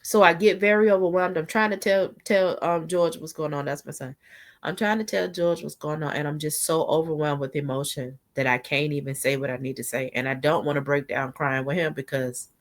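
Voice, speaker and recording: A vlogger in her forties tells a personal story in a casual storytime vlog, chatty and heartfelt, often checking whether the viewer follows with "you know what I'm saying." Her low voice stays steady in tone and moves at a brisk pace.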